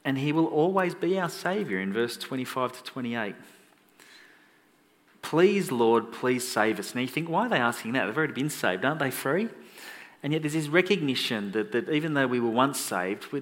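Male preacher, lively swinging pitch, chatty joking sermon delivery, long hall reverb. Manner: animated, conversational, jokey asides to the congregation.

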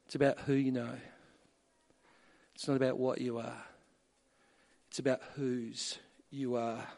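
A man preaching a sermon, measured at first and building to emphatic peaks. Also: medium pitch, flat delivery, creaky, darkish tone. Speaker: pastor.

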